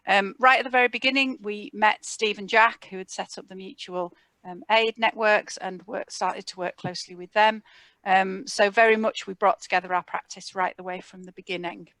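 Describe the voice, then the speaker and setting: A woman opens a community support video meeting in a relaxed, informal way. She pauses often as she thinks. The sound is dry and close, picked up by a computer mic. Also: medium pitch, no echo. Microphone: computer mic on a video call.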